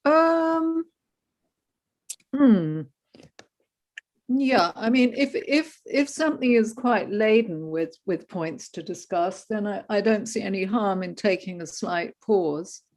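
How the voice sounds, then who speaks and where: A woman with an English accent, from England, speaking in an easygoing, measured way during a video call. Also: medium pitch, darkish tone. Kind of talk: casual group discussion.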